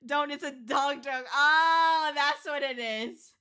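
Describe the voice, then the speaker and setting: A woman's voice: high voice, slow, sharp tone. A young woman chatting on a livestream as a VTuber, laughing often and swearing casually. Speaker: VTuber streamer.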